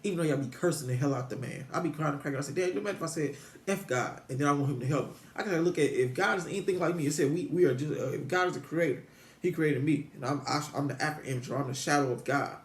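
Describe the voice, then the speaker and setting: A man's voice: on the high side, fast, roomy sound. A man, rambling about God to his viewers, full of restarts and rhetorical questions. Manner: meandering, repetitive, frequent restarts, rhetorical questions. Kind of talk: rambling religious musing to viewers.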